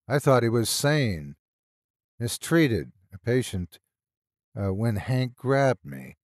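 A man narrating a first-person horror story in a measured, deliberate manner. His mid-pitched voice is recorded close and dry, with no room sound. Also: very animated, no echo.

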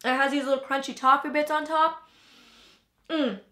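A woman's voice: high-pitched, fairly even intonation, normal speed, sharp tone, roomy sound. A young woman hosting a casual taste-test vlog, chatting in a loose, filler-heavy way and talking between bites. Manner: chatty, filler-heavy, talks while chewing. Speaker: vlogger host.

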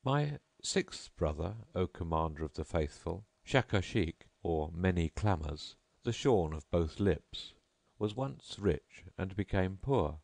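A man narrating an old storybook tale in an expressive, theatrical reading. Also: sits low, slow pace, creaky, dry recording. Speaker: audiobook narrator.

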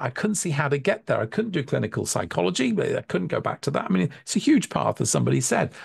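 A man speaks earnestly in a mid-pitched, gravelly voice, thinking aloud and often restarting his sentences. The sound is dry and close, with no room around it. He talks as a hypnotherapy tutor reflecting on his path. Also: big pitch swings, fast talker, dry recording. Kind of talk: reflective webinar talk.

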